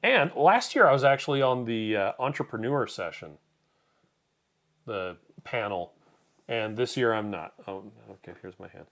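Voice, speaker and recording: A man's voice: medium pitch, lively intonation, normal speed, a bit bright. A man co-hosting a live stream, casually reading out viewer comments and joking along. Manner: reads comments aloud, joking and chatty.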